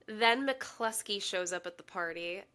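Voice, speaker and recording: Bright-voiced woman cohost, lively, cracking up a lot, chatty recap. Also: mid-range voice, a little slow, clear, resonant tone. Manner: lively, laughs loudly. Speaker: podcast co-host. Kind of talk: casual chat recapping a TV show.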